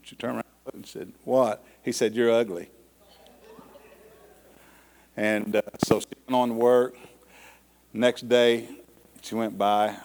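A man's voice: medium pitch, flat delivery, a little slow, gravelly, a little mellow. A man preaching an evening church service, telling a folksy joke story with chuckles before reading scripture. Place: church sanctuary. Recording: long hall reverb.

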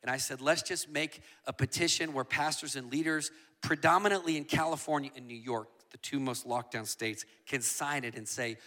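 A man preaching a passionate sermon as a guest speaker, building from quiet asides up to shouting. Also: mid-range voice, normal speed, few pauses. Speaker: guest preacher and worship leader.

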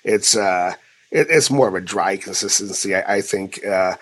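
Halting low-voiced man on a podcast. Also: fairly bright tone. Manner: halting, with frequent word repeats. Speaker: podcast co-host. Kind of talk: casual podcast chat.

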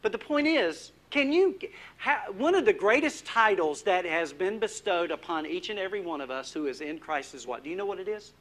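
A man preaching a sermon as pastor, putting questions to the congregation and dropping to a hush on key words. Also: high voice, big pitch swings, a little fast. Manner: asks the congregation questions, drops to a hushed voice for emphasis.

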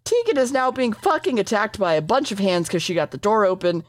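A woman's voice: medium pitch, animated, brisk. A woman casually recapping a TV episode, rambling, swearing freely and correcting herself as she goes.

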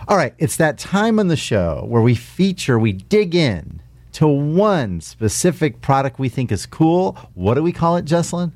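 A man's voice: fairly high pitch, normal speed, no echo. A man hosting a radio show and podcast, chatting casually in a studio with a jokey, rambling way of talking. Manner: jokey, rambling, lively delivery.

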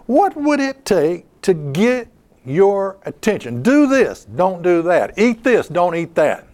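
Male preacher, high voice, lively and swooping, heavy on rhetorical questions. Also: measured pace. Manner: animated, rhetorical questions, repeats words. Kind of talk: sermon.

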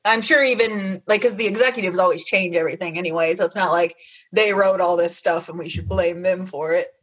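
A woman co-hosting a podcast in casual chat, teasing, with quick asides. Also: lowish voice, a bit bright, husky. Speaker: podcast co-host.

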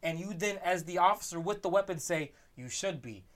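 A man's voice: high voice, lively intonation, brisk, fairly bright tone. A man co-hosting a casual podcast chat, earnest and argumentative, often restarting his sentences. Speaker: podcast co-host.

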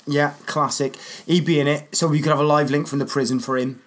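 A man's voice: a little high, fairly even intonation, fast. Joking, crude male podcast co-host. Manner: jokey, crude, nostalgic riffing. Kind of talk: casual banter.

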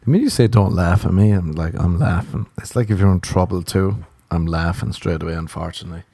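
Profane man, low mellow voice. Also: fast talker, gravelly, husky, dry recording. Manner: rambling, profane, laughs through his own anecdotes. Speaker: comedian. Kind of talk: casual storytelling chat.

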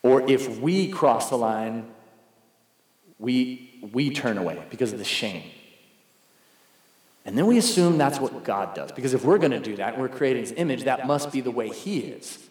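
Male pastor, conversational storyteller, mid-pitched, big reverberant room. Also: animated, moderate pace, a little mellow. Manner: conversational storytelling, acts out quoted voices. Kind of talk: sermon. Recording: echoey hall.

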